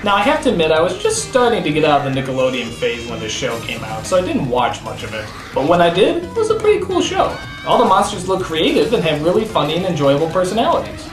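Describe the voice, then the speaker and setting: Sarcastic male reviewer, lively up-and-down voice, exaggerated outbursts, roomy echo. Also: on the high side. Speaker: comedic video reviewer. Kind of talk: sarcastic comedic review narration.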